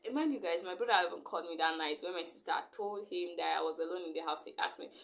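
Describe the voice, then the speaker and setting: A woman's voice: on the low side, fast, creaky, a bit bright. A young woman, recounting a story in a rambling vlog style full of fillers. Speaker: vlogger.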